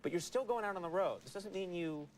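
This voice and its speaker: A man hosting a talk show, asking his guest playful questions in an animated way. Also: high-pitched, quick pace, slight background noise.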